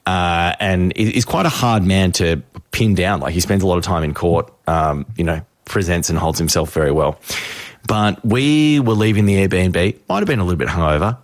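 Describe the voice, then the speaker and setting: A man's voice: low voice, normal speed, dry recording, studio quality. A man hosting a radio show, telling a story in casual banter and acting out the quotes. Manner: animated storyteller, acts out quotes. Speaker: radio host.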